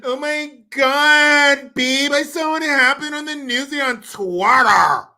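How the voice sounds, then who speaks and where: A man's voice: extremely high pitch, slow pace, pushed and bright, pitched above the performer's own voice, full character voice. A man voicing a whiny, gushing young fiancé in an exaggerated, sing-song mocking impression.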